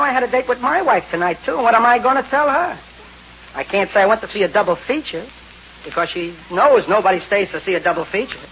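A man voicing a dim-witted, lazy male stick-up man with a slow, self-pitying drawl, in 1930s radio comedy acting. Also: very high-pitched, fairly bright tone, a little hiss or hum. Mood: aggrieved. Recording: lo-fi old radio recording.

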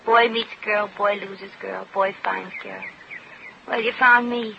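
A woman's voice: medium pitch, fairly even intonation, slow, creaky. A woman playing a brash American shop girl in a 1940s radio drama, talking in slang with wisecracks. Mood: wistful. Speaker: lead actress. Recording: muffled old radio recording with hiss.

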